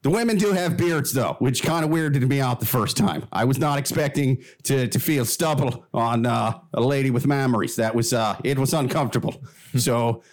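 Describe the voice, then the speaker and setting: A man's voice: medium pitch, normal speed, natural voice. A man playing a vain, rambling Swedish judge with a Swedish accent in an improvised comedy podcast. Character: pompous Swedish man judging a contest.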